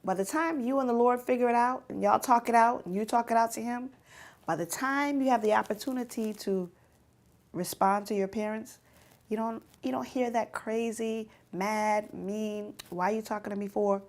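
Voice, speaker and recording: A woman teaching a youth ministry lesson, with a fairly high voice. She talks straight to the teens and says each main point twice so it sticks. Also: normal speed, a little mellow. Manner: emphatic, repeats key points; direct, addresses teens.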